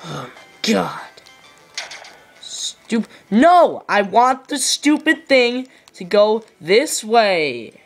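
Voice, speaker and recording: A woman playing a platform game and yelling frustrated complaints and curses at it. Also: mid-range voice, very animated, drawn-out words, soft background music. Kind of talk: rage gameplay commentary.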